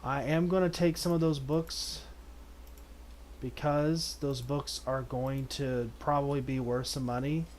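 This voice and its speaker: A man streaming a video game in casual commentary, reading the game's text aloud and breaking into sudden excited outbursts. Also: mid-range voice, unhurried, a little hiss or hum.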